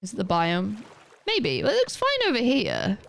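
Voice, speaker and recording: A young woman chatting casually on a live gaming stream, rambling and self-deprecating with quick asides. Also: mid-range voice, wildly swooping pitch, creaky. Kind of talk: casual chat while gaming.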